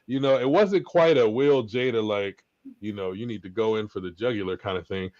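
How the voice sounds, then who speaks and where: Low-voiced man telling an animated story. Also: a little fast, dry recording. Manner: lively, animated storyteller who acts out quotes. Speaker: podcast co-host. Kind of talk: casual storytelling chat. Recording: slightly dull lo-fi audio, dry.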